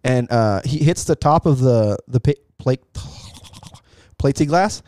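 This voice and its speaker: Young man, casual storyteller, animated, swears freely, dry mic. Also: mid-range voice, a little slow, dry recording. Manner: animated, acts out quotes with swearing.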